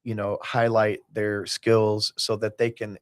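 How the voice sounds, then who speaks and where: A man's voice: lowish voice, monotone, a little slow, clean tone, dry recording, studio quality. A man in a casual podcast chat who rambles from tangent to tangent, acting out what people said. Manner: rambling storyteller, jumps between tangents, acts out quotes. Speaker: guest, basketball team owner.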